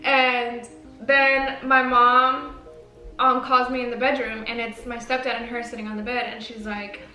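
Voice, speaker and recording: A woman's voice: on the high side, level tone, measured pace, bright, forceful tone, far from the mic. A woman vlogger telling a personal story in a casual, chatty way, full of fillers and mild swearing. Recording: echoey room, away from the mic, faint music.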